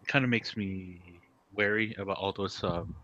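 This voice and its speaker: A man's voice: low voice, steady tone, moderate pace, sharp tone, highs cut off. A man co-hosting a casual podcast chat, rambling and restarting his sentences. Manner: rambling, full of fillers and restarts. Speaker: podcast co-host.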